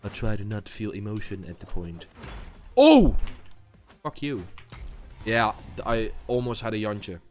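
A man's voice: fairly low pitch, moderate pace, soft background music. Tired young man raging over a game. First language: not English. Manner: raging, swearing, muttering to himself. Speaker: gaming YouTuber. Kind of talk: live gameplay commentary.

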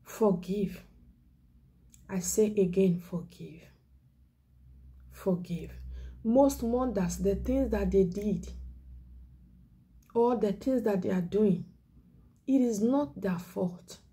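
A woman's voice: medium pitch, slow, pauses often, warm tone. A woman evangelist preaching an emotional sermon, pleading earnestly, repeating her points and sometimes dropping to a whisper. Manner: drops to a whisper on key words. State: emotional, near tears. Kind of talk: exhortation sermon.

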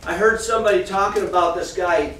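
A man teaching a children's church class, reading a Bible passage and then explaining it to the kids in a lively storytelling way. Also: sits high, brisk. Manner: animated storyteller, reads scripture then talks directly to the kids. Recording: echoey room from far off, faint noise.

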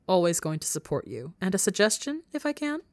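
A woman voicing a sinister female spirit in a whispered role-play, using a hushed, coaxing whisper close to the ear. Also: mid-range voice, big pitch swings, brisk, no echo.

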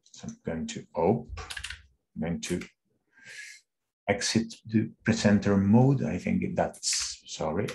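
A man, an engineer, walking through a live coding demo on a call, thinking aloud in an unhurried way with restarts. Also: lowish voice, darkish tone, a little hiss or hum. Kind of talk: screen-share coding walkthrough.

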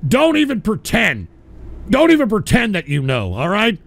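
Brash, gravelly, animated male host. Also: high voice, moderate pace. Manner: profane, brash, rambling. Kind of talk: casual live stream talk.

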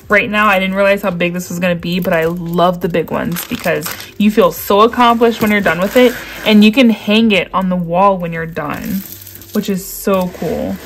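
A woman's voice: lowish voice, slight background noise. A woman vlogging a craft unboxing at a table indoors, gushing and exclaiming as she talks straight to her viewers. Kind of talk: excited unboxing chat. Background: crinkling packaging.

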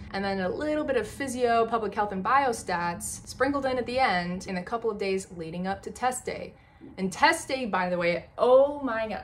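A woman in her twenties, a medical student, chatting to camera in a lively storytelling way with many fillers. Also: medium pitch, a little hiss or hum. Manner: chatty and animated, with lots of fillers and voiced asides.

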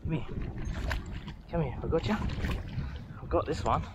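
An Australian man on a small boat at sea, giving excitable running commentary while fishing, swearing, laughing and talking to the fish. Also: fairly high pitch, normal speed, highs cut off, heavy background noise. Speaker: fishing vlogger.

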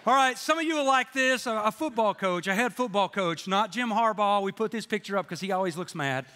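A man's voice: high voice, fairly quick, sharp tone, in a large hall. A middle-aged man, a pastor, preaching a sermon in a church in a folksy storytelling way with jokes. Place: church sanctuary with congregation.

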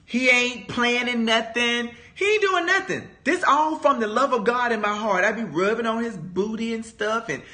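Animated bright-voiced woman in her fifties. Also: on the high side, moderate pace, few pauses. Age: 50s. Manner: animated, emphatic storytelling, addressing listeners as "y'all". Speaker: Bible study teacher. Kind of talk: personal testimony in a Bible study talk.

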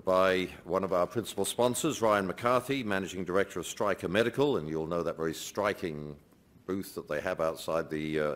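Male emcee, very low voice, hesitant delivery. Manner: hesitant, many fillers. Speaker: conference emcee. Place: conference hall.

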